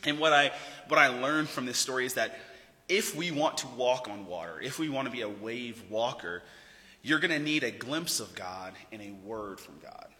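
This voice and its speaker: A man preaching a sermon as a pastor, talking in a casual, animated and joking way. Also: medium pitch, moderate pace. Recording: long hall reverb.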